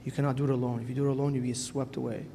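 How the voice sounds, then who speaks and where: This priest talks very fast to young people in church, his mid-range, warm voice level in tone and touched with vocal fry. Earnest and conversational, he often asks "right?" during the sermon. Echo and faint noise fill the church hall.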